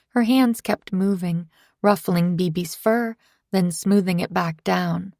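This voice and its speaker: Low gravelly woman narrator. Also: takes it slowly, no room sound, clean studio sound. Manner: steady first-person storytelling. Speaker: audiobook narrator. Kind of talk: scripted narration.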